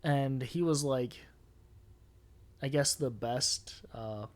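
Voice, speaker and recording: A young man co-hosting a podcast, chatting casually, stumbling and correcting himself, quick to laugh. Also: mid-range voice. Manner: chatty, self-correcting, hesitant, laughs easily. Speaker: podcast co-host. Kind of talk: casual chat.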